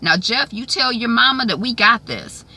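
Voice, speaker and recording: A woman's voice: lively intonation, moderate pace, bright, forceful tone, breathy edge, full character voice. A woman voicing a pushy, domineering middle-aged mother who nags and scolds. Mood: bossy. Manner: bossy, nagging and shrill.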